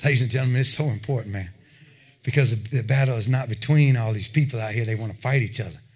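A man's voice: medium pitch, quick pace. A man preaching a sermon, talking plainly with his listeners and building to emphatic exhortation. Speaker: pastor.

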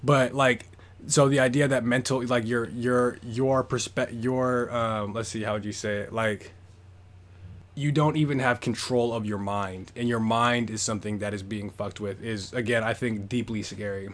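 A male podcast host with a medium-pitched, steady voice talks at normal speed through a story in a casual book discussion. He rambles and leans heavily on "like" as a filler.

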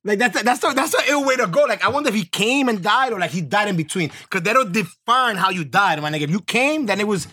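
A young man co-hosts a crude, casual podcast. His voice is high, husky and bright, and it swings up and down a lot. He laughs often and drops Spanish phrases into his talk. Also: animated, fast talker, hardly any pauses. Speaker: podcast co-host.

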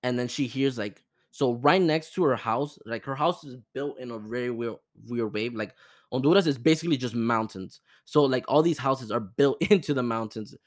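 A young man hosting a podcast, telling a family ghost story in a casual, animated way, with lots of fillers, restarts and swearing. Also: mid-range voice, normal speed. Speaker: podcast host.

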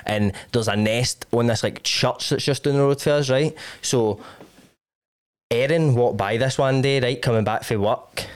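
A man's voice: medium pitch, moderate pace, clear, resonant tone. Scottish man telling a story. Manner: animated storyteller, swearing, full of fillers. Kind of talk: casual podcast chat.

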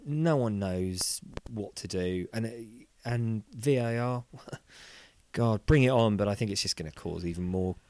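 Animated man, swearing football chat. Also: fairly low pitch, measured pace. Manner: animated, laughing, swearing, lively mock voices. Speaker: football podcast co-host. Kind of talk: casual chat.

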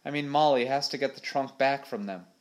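A man reading aloud and voicing a bold, eager young boy who asks quick questions. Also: medium pitch, lightly acted.

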